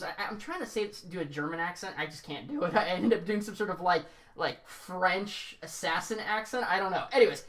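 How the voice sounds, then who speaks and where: A woman talks through a review in an easygoing, unscripted way. She rambles, restarts her sentences and drifts into jokey tangents, and her tone stays relaxed throughout. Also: medium pitch. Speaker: show reviewer. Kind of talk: casual spoken review.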